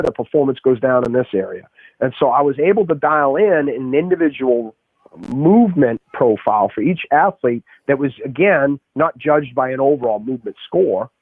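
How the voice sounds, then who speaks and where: A man's voice: mid-range voice, no room sound. Boston-accented man on a tinny line. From Boston area. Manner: emphatic, explanatory, many restarts. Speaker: guest strength coach. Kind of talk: podcast interview. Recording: tinny phone-like remote call.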